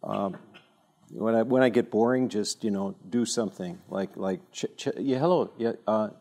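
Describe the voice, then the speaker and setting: A man giving an informal talk at a church evening, telling stories with self-deprecating humor and frequent halting restarts. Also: on the low side, darkish tone. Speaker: speaker at a church teaching evening.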